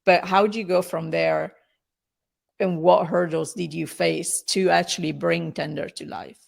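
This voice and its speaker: Gravelly low-voiced woman host. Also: fairly even intonation. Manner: halting, emotional, searching for words. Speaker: podcast host. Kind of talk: conversational interview.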